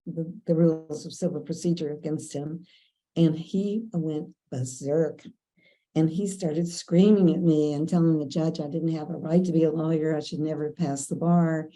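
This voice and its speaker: An older woman from Kentucky recalls her years as a lawyer, chatting loosely with plenty of fillers and frequent laughs. Her voice sits a little low and sounds deeply mellow and relaxed. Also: low-quality recording. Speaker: veteran lawyer. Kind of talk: storytelling interview.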